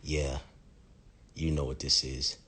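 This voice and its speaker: A man playing a vengeful grown man who talks in a low, quiet, threatening way. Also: flat delivery, slow, breathy edge, full character voice. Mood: menacing.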